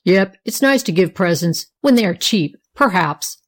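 A woman's voice: mid-range voice, animated, moderate pace, close to an everyday voice. A woman voicing a cross young boy with a grumpy, dismissive manner.

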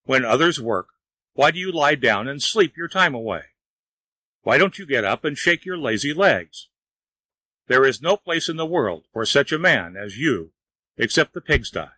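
A man voicing an old male fairy who scolds and teases slowly and deliberately. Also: medium pitch, sing-song, pushed and bright, no room sound, poor audio. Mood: scolding.

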